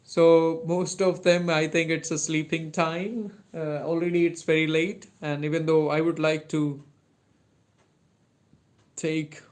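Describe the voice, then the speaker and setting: Indian English-speaking man, slightly high voice. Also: flat delivery, takes it slowly. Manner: hesitant, many fillers and restarts. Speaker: English-learning livestream host. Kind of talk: casual live chat answering viewers.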